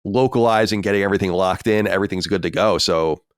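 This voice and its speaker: Low-voiced man in casual podcast chat. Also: fast, clean tone, dry recording, studio quality. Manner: talkative, many restarts and fillers. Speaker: podcast co-host.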